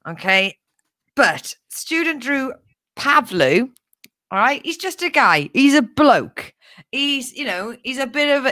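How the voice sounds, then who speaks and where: Animated laughing woman co-host. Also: sits high, slow pace, no room sound. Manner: animated, laughing, swearing, rambling. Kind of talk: casual comedic news chat.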